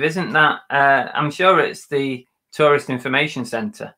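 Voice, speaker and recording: A man co-hosting a casual live stream, joking along in a halting, stop-start way. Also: medium pitch, pushed and bright. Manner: jokey, halting, restarts with ums. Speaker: co-host of a reselling live show.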